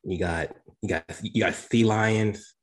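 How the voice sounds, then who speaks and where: A male podcast host with a very deep voice asks his questions in a relaxed, conversational way. He often stumbles and repeats words while he thinks aloud. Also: unhurried. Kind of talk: casual interview chat.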